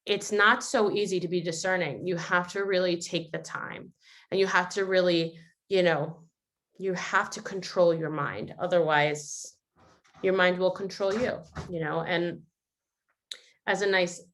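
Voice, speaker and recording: A woman's voice: on the low side, fairly even intonation, unhurried, a bit bright. Earnest woman hosting a video call. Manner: earnest, reflective, acts out quotes. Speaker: host. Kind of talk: casual reflective talk.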